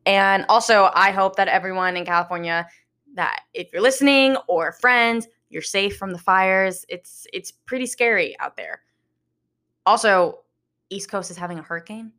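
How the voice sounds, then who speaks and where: A woman's voice: mid-range voice, fairly bright tone. A young woman with a slight New York accent hosting a casual podcast, chatty and swearing freely. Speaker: podcast host.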